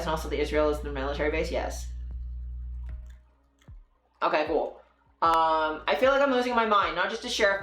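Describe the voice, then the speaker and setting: A woman's voice: fairly low pitch, a bit bright, echoey room. A woman hosting a live political commentary stream, reacting angrily with sarcasm and swearing. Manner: angry, profane, sarcastic. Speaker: political livestream host.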